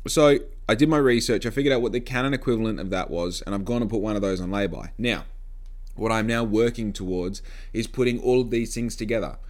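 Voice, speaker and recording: A man's voice: on the low side, fairly quick. Blunt, sweary man vlogging to camera. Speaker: podcaster and vlogger. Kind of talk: casual talking-to-camera vlog. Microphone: phone microphone.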